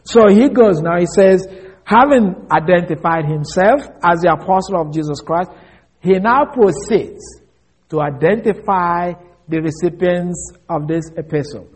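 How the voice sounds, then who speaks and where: A man preaching an expository sermon, reading scripture slowly and stressing key words. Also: sits high, husky.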